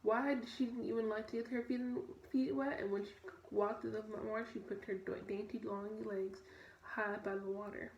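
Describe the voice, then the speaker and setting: A woman's voice: mid-range voice, flat delivery, moderate pace, dull audio. A young woman reads a children's story aloud, tripping over words and correcting herself as she goes. The room is echoey, with a faint noise behind her voice. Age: young adult. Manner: stumbling, self-correcting read. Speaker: student reader.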